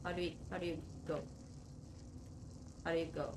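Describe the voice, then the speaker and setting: A woman giving chatty, excitable let's-play commentary, swearing now and then and talking to the characters on screen. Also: low voice, moderate pace, recorded from a distance, noisy background. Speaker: gaming video creator.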